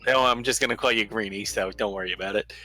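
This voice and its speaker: A man's voice: on the low side, quick pace, pushed and bright, soft background music, rough recording. A man playing a tabletop game, joking and teasing. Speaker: player. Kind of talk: tabletop role-play.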